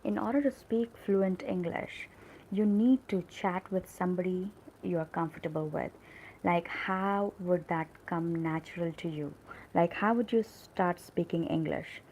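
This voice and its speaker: A woman with a lowish, gravelly voice teaching English grammar in a live stream. She explains patiently and often checks in with "right?". She stresses the example sentences she acts out, and there is faint noise in the background. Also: a little slow, a little mellow, rough recording.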